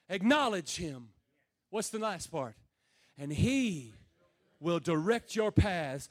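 High-voiced preacher, quiet to shouting. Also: male voice, sing-song. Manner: swings from quiet and slow to loud, shouted emphasis. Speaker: pastor. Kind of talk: sermon.

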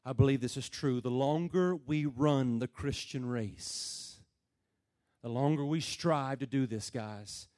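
A man preaching a sermon, dropping low and slow, then building to loud, shouted emphasis. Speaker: pastor.

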